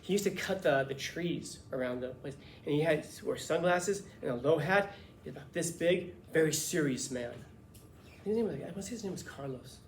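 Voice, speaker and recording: A male teacher talks to his class in a loose, lively storytelling way, joking as he goes. His voice sits slightly high, and the classroom gives a roomy echo with faint background noise. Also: a little fast. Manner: casual, lively, swears and jokes.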